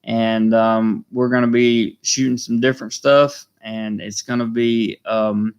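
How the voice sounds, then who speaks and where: A man with a Southern American drawl and a gravelly edge to his voice talks loosely to his live-stream viewers. He reads their comments aloud, wanders with plenty of ums and uhs, and thanks them over and over at a middling pitch. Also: level tone, measured pace. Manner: rambling, many fillers, warm thanks to viewers. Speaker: vlogger hosting a live stream. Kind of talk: casual live stream chat reading comments.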